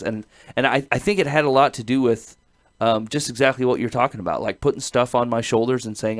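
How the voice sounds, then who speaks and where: Brief: middle-aged male podcast host, earnest rambling storyteller, mid-pitched voice, laughs between phrases. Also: brisk. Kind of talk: casual chat.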